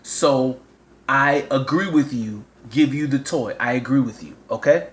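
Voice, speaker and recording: A man's voice: medium pitch, measured pace. A man, a father and show host, rambling through a comic phone call and repeating himself as he lectures.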